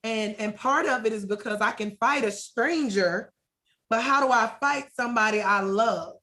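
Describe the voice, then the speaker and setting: A woman's voice: a little high, normal speed, pushed and bright. A woman hosting a talk show, speaking in an encouraging, emphatic way.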